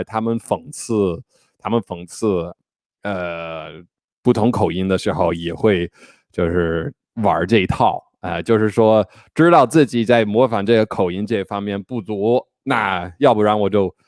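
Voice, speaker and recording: A man's voice: lowish voice, dry recording, studio quality. A man hosting a casual livestream, chatty and joking as he greets viewers by name. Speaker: livestream host.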